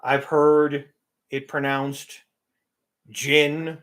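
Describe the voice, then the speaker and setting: A man's voice: fairly high pitch, slow, fairly bright tone. A man hosting a casual livestream, talking in an opinionated, emphatic way about getting pronunciation right. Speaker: livestream host.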